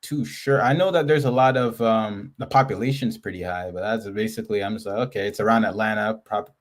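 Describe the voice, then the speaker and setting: A man's voice: lowish voice, fairly quick. Canadian man with a Toronto accent, chatty student, loose and joking. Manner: rambling, joking, many likes. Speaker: student on a coaching call. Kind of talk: casual coaching call.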